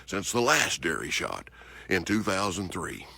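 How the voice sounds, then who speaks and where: A man hosting a hunting show, telling a story in an animated, emphatic way with frequent restarts. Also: sits low, unhurried, vocal fry, husky. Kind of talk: storytelling monologue.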